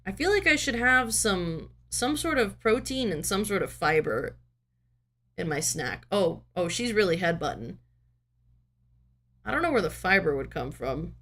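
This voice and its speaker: A woman game streamer talking casually at home into a desk microphone. Her pitch moves freely up and down as she rambles along and pokes fun at herself. The tone stays easygoing and talkative. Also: very animated, a little slow, a bit bright. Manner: rambling, talkative, self-mocking. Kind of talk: casual chat.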